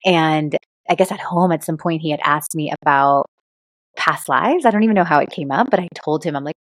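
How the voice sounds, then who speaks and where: A Cuban-American woman, a guest on a podcast, chatting casually and telling animated stories with plenty of fillers. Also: low-pitched, fairly quick, dry recording. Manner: animated storyteller, many fillers. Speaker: guest, intuitive reader and author.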